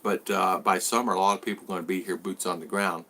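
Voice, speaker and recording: Rambling through a casual vlog stream, a man in his sixties greets viewers by name and answers their comments. His low voice is creaky, pushed, and bright, delivered quickly with a level tone.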